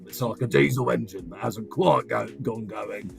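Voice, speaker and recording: A man puts on a gruff football manager with a low, gravelly growl, rumbling like a diesel engine. He grinds through his lines slowly, with a faint music bed playing behind. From Berkshire.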